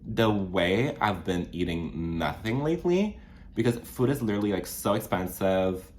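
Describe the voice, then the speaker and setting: Low-voiced French Canadian man rambling. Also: animated, moderate pace. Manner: rambling, many fillers and restarts, sudden jumps up in pitch. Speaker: vlogger. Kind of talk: casual chat while doing makeup. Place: small studio apartment.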